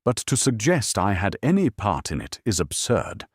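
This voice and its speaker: Male reader doing a cool, crisp Frenchwoman with a faint French accent, defiant, low-pitched read. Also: very animated, normal speed, dry recording, clean studio sound, full character voice. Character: composed, defiant French businesswoman wine dealer.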